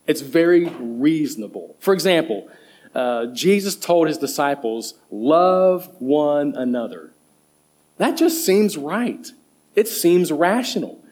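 A middle-aged man delivers a sermon with a lively, swooping voice that sits a touch high for a man. He hits key words with emphatic rises, then drops back down. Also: takes it slowly. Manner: emphatic, stresses single words with rising pitch. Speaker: associate pastor and children's director.

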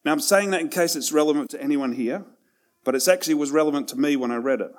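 A man preaching a sermon in a conversational way, with self-deprecating asides, swinging between loud and hushed passages. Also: on the high side, fast. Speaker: pastor.

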